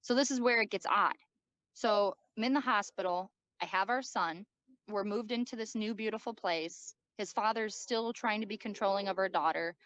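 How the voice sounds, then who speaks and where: A woman guest giving a personal first-person account, halting and repeating herself, with lots of likes and ums. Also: mid-range voice, fairly bright tone, no room sound. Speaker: interview guest. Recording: dull lo-fi dry recording.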